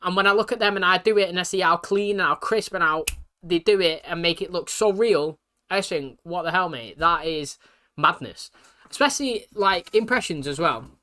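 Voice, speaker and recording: A British man talking fast and casually, full of slang and fillers, reacting to a TV episode for his channel. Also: high-pitched, sharp tone.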